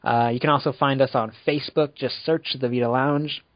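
A man hosting a casual gaming podcast, talking in a relaxed, rambling way with lots of fillers. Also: medium pitch, fairly quick, no echo, muffled recording. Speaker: podcast host. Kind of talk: casual chat.

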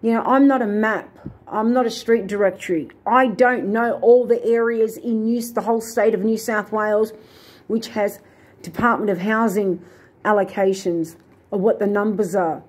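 A woman's voice: medium pitch, fairly even intonation, normal speed, breathy edge. A woman vlogging, telling a long, aggrieved story full of fillers and restarts. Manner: aggrieved, indignant retelling with many fillers and restarts. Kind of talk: rambling personal storytelling.

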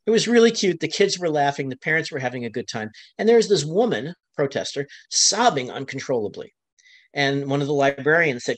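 Man, American, webinar panel guest, lively storyteller, voice jumps up for quotes. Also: medium pitch, brisk. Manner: animated retelling, voice rising when quoting others, frequent restarts. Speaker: panel guest, county LGBTQ commissioner.

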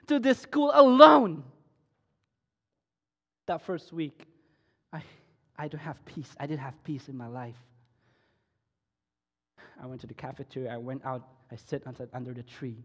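A man giving an emotional personal testimony sermon at a school week of prayer, swinging from soft to loud and slow, often repeating and restarting phrases. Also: mid-range voice, lo-fi sound. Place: school worship hall. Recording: echoey hall.

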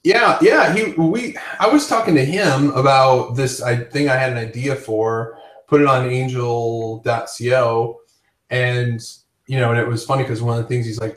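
A man's voice: medium pitch, moderate pace. A man hosting a casual chat, telling rambling stories with frequent laughs. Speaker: podcast host. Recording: roomy, distant from the mic.

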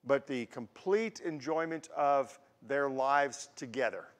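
A man's voice: mid-range voice, slow. A man in his sixties giving a conversational sermon as a guest preacher, telling personal stories to make his points. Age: 60s. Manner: warm storytelling with personal anecdotes. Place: church sanctuary. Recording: long church-hall reverb.

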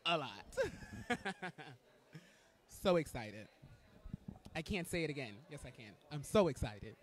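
A man with a slightly high voice hosts live coverage from an indoor red carpet. He talks in a gushing, excitable and campy way. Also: measured pace.

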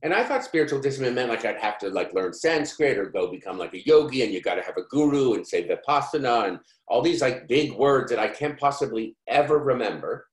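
A man's voice: medium pitch, expressive, fairly quick, hardly any pauses. A man giving a course talk, telling a personal story in a candid, conversational way full of fillers. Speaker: course speaker. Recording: roomy echo.

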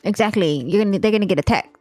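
A woman's voice: mid-range voice, racing, dark tone, no room sound, soft background music. A bubbly woman playing a video game with a friend, giggling and playful. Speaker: co-player. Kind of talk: casual game chat.

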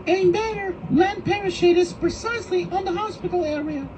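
A man's voice: very high-pitched, a little fast, highs cut off, noisy background. A man voicing a cheerful male cartoon game announcer with a voice stuck in a permanent crack. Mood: cheery. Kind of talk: mobile game voice prompts.

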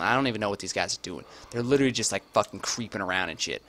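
A man talks over his game in a loose, profane ramble, often sinking to a hushed near whisper. His voice is bright and forward, with faint crickets and outdoor ambience from the game behind him. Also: on the low side, very fast, slight background noise. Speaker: gamer. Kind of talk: gameplay commentary.

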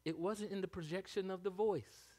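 A man preaching a sermon as pastor, animated, swinging from hushed asides to loud calls. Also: high-pitched, moderate pace.

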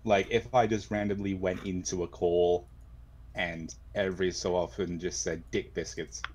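A man in casual voice chat who explains his points in long, deliberate sentences. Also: sits low, little pitch movement, darkish tone.

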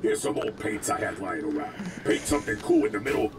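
A man's voice: fairly low pitch, huge pitch swings, fairly quick, creaky, background noise, full character voice. An actor voicing a businesslike male robot shop boss in a video game, giving matter-of-fact instructions. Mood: instructing. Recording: game music behind. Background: music.

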